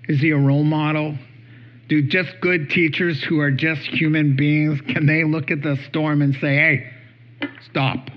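A man's voice: a little high, muffled recording. A man preaching a sermon as pastor, earnest and building to emphatic peaks.

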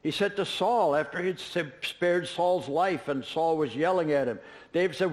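A man's voice: on the high side, normal speed, hardly any pauses. A man preaching a sermon, retelling scripture in a casual, storytelling way with offhand asides. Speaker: pastor.

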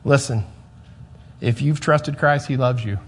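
A male pastor preaching a sermon, emphatic, repeating phrases and swinging between loud and soft. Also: mid-range voice, a little slow, slightly rough.

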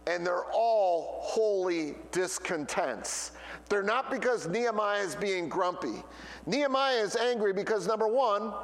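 A pastor with a high voice preaches a sermon that sounds like it's in a big room. He tells stories and performs the voices of the people he quotes.

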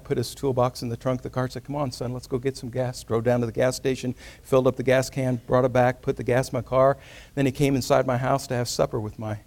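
A man preaching a sermon, telling a story and swinging between loud emphatic rises and quiet hushed moments. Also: medium pitch. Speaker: pastor.

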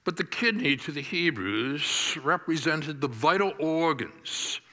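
Slow, emphatic man preaching a sermon. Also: on the high side, lively intonation, sharp tone, in a large hall. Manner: deliberate, emphatic preaching with stressed key words. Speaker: pastor.

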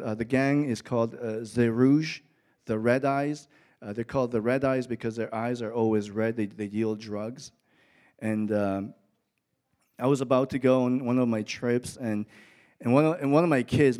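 A man's voice: mid-range voice, a little mellow. Male pastor, middle-aged, sermon delivery, storytelling with emphatic climbs. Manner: storytelling, rising to emphatic peaks. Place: church with an audience.

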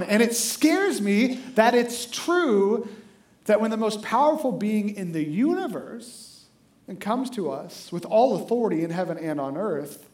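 In a big, reverberant sanctuary, a high-voiced male pastor talks to his congregation in an animated, conversational way. He asks "right?" again and again throughout the lively sermon.

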